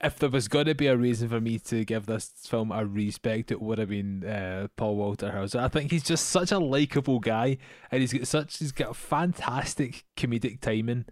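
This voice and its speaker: A young Scottish man co-hosting a podcast, giving measured, critical opinions about a film in casual chat. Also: mid-range voice, no room sound, clean studio sound. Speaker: podcast co-host.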